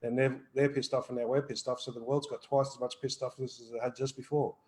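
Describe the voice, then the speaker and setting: Fast-talking blunt man on a live Q&A. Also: medium pitch, poor audio. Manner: blunt, swears freely, fast and animated. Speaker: energy healer co-host. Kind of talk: live Q&A chat.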